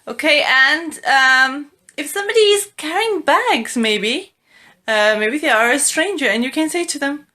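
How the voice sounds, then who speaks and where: A woman's voice: sits high, big pitch swings, normal speed, sharp tone. A woman teaching English in an online lesson, acting out example requests and replies.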